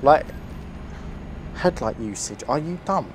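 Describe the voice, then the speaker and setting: A young man with a British accent chatting casually over his driving game, excitable and prone to yelps and swearing. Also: mid-range voice, slow, music in the background. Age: young adult. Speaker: gaming YouTuber. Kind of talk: casual gameplay commentary.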